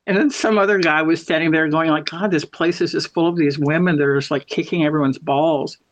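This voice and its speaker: A middle-aged woman hosting a podcast, telling rambling stories and acting out both sides of each conversation. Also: deep voice. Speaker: podcast host. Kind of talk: casual storytelling. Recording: muffled lo-fi audio.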